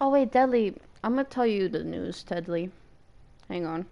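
A young woman streamer chats casually with viewers, excitable and often squealing, laughing and swearing freely. Her mid-range voice has vocal fry at normal speed, and the audio sounds dull.

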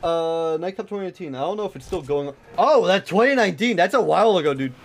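A young man streaming a shooter game live, rambling and swearing excitably with lots of filler words. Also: sits high, fast talker. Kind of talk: live gameplay commentary.

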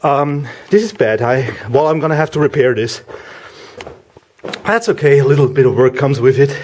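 A man talking casually as he walks through a house, giving a vlog tour with a chatty, wry, deadpan humor. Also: mid-range voice, moderate pace, slight background noise. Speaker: vlogger house sitting.

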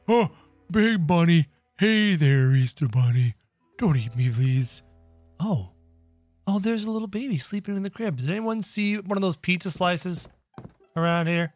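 A man commentating a game he is playing, with excitable, exaggerated reactions and playful chatter. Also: high-pitched. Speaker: gaming channel host.

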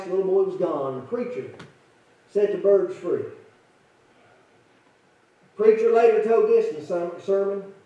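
High-voiced preacher in an echoey church. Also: male voice, darkish tone, far from the mic. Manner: folksy, repetitive, filler-laden. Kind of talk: sermon storytelling.

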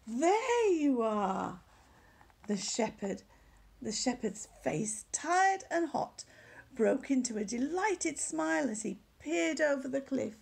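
A woman reading a children's story aloud at church, animated, dropping to hushed whispered asides. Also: high-pitched, measured pace, creaky.

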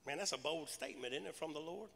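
A man preaching with a high, gravelly voice that has a bright, forceful edge. His delivery is punchy and conversational, and long reverb trails his words around a large church sanctuary. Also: fast talker. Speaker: pastor. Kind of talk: sermon.

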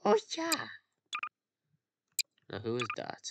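A woman giving excitable gameplay commentary, swearing and yelling at the game. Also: a bass voice, slow, muffled recording. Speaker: gamer. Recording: loud background noise.

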